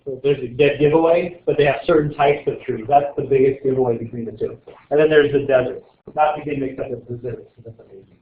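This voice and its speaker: This male teacher's medium-pitched voice is fairly even and fairly quick as he leads a casual classroom exam review, joking, quizzing and rambling. There's slight background noise on the echoey, tinny lo-fi recording.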